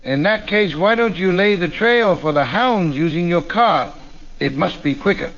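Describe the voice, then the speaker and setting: A man's voice: sits high, expressive, normal speed, a bit bright, dull audio. A man with a Cockney accent voicing a blunt, wry working-class sidekick in an AI-voiced comedy sketch. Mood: mocking.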